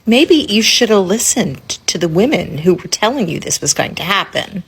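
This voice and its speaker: A woman's voice: medium pitch, very animated, normal speed, gravelly, few pauses, husky. A woman ranting about politics, sarcastic and scolding, with swearing. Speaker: commentator. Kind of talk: angry political rant.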